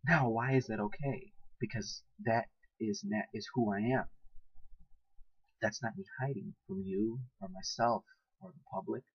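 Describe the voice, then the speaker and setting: A young man talks straight to camera in a loose, profane vlog, laughing often. His voice is husky and close, with no room sound. The recording is dull and lo-fi. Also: medium pitch, no room sound. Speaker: vlogger. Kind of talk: casual monologue to camera.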